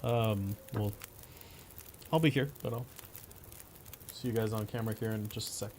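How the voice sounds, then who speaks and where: A man's voice: on the low side, steady tone, normal speed, a little mellow, a little hiss or hum. A man casually commenting on his gameplay during a live stream, chatting to his viewers and thinking aloud as he plays. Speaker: game streamer.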